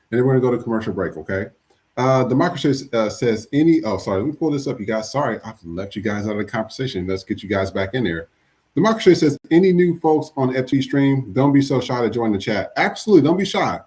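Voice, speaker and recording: A chatty man hosting a livestream podcast, talking loosely and stopping to restart his thoughts. His pitch sits right in the middle for a man. He reads out viewer comments in an easy, casual way. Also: darkish tone.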